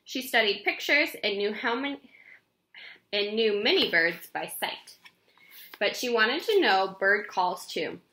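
A woman reading a children's chapter book aloud in an expressive, animated way. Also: medium pitch, a little slow, roomy sound. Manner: expressive, animated read-aloud with character voices.

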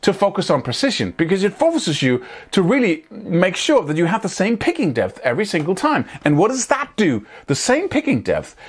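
A man giving a guitar lesson, explaining picking technique and checking in with listeners as he goes. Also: sits high. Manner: animated, hands-on, scats picking rhythms aloud; checks in often with "right?" and "wouldn't you say?". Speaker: guitar teacher.

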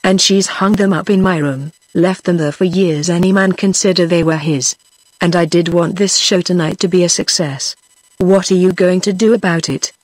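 A synthetic woman's voice reading the lines of a bitter, angry middle-aged working man in an audiobook, in a flat machine delivery. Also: on the low side, normal speed, dry recording, lightly acted.

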